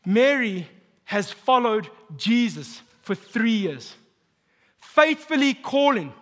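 A married man preaching a sermon as pastor, emphatic and building to near shouts. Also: very high-pitched, big pitch swings, slow pace. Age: adult, married. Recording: long hall reverb.

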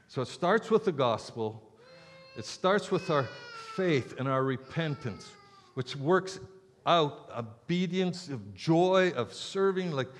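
Older guy preaching, chatty and earnest, big echoey church hall. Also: fairly high pitch. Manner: earnest, conversational preaching with asides. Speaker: pastor. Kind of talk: sermon. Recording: long reverb of a large hall.

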